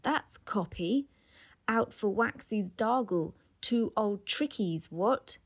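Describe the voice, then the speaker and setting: Woman reading as a gruff blunt male editor. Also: medium pitch, expressive, takes it slowly. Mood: brusque. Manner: gruff, dismissive outbursts.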